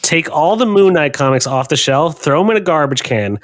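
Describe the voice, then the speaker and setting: Blunt, ranting man with lively pitch. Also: a little fast, no echo, studio quality. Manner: blunt, profane, exaggerated rants. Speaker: podcast co-host. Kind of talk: casual chat.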